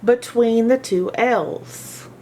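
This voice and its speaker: A woman teaches a phonics lesson at a very slow, careful pace. She repeats each word several times so listeners can follow along. A faint hiss of background noise sits under her voice. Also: fairly high pitch, mellow. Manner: slow, deliberate, repeats words for practice. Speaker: reading teacher.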